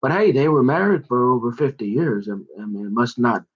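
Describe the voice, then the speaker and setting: A man's voice: mid-range voice, lively intonation, fairly quick, lo-fi sound. A middle-aged man rambling in casual, digressive chat with folksy turns of phrase. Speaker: vlogger.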